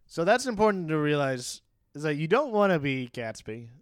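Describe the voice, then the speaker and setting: A man's voice: fairly high pitch, big pitch swings, moderate pace, clear, resonant tone, no room sound, studio quality. A man casually talking through a novel with a friend, reading excerpts and laughing often. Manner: loose and playful, reads excerpts, laughs often. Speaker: podcast co-host discussing a novel. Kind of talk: casual book-club chat.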